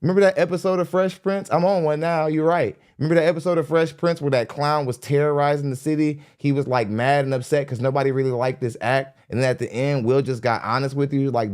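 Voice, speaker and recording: A man hosting a podcast, giving blunt, animated commentary as he reacts to a clip, laughing often between points. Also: on the high side, quick pace, hardly any pauses, clear, resonant tone. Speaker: podcast host reacting to a dating show clip. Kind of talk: casual commentary. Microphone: studio dynamic mic.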